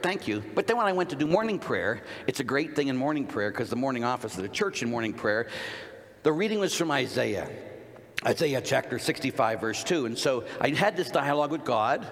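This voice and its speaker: Male priest, mid-pitch voice, punchy conversational sermon, big hall reverb. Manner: animated, conversational preaching with rhetorical questions. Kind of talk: sermon to a men's conference.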